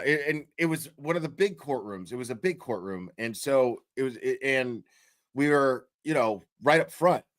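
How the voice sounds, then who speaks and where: A man hosts a casual livestream from a home setup and rambles through a story, swearing freely and restarting his sentences. His voice sits at an ordinary middle pitch. The sound is close and dry, with no room echo. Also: a bit bright. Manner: rambling, profane storytelling with frequent laughs and restarts. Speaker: livestream host.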